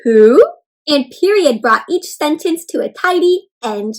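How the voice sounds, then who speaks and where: High-voiced woman reading to kids. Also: measured pace. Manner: animated, teacherly, prompting kids to join in. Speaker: children's storyteller and teacher. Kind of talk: interactive read-aloud for kids.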